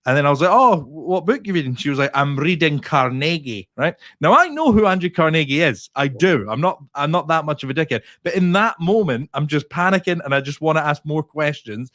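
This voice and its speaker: A Scottish man, a comedian guest, telling a sweary, animated anecdote in casual chat. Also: on the high side, fast talker, few pauses, dry recording, studio quality. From Scotland.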